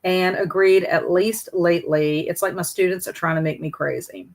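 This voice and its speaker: Chatty woman host, low voice. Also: fairly even intonation, moderate pace, creaky, darkish tone. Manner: chatty, reads out viewer comments. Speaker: host of a livestream. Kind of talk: casual livestream chat.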